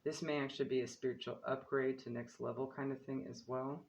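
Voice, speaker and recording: A man in a spiritual card-reading video, reading uplifting guidance in a calm, encouraging way. His voice sits at an ordinary middle pitch, with casual asides to the viewer and a faint low rumble behind him. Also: fairly quick, low-quality recording. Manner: calm and encouraging, laughs at his own stumbles. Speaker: tarot card reader. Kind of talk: spiritual card reading, reading guidebook text aloud.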